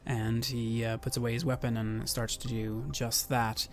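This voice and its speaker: Brief: male game master, mid pitch, steady narration with fillers, faint music. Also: normal speed.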